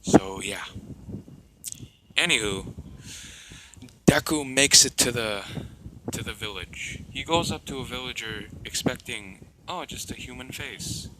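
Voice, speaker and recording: Tired man, casual rambling home narrator, unhurried, noisy recording. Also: mid-range voice. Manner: rambling, filler-heavy. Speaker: storyteller and video maker.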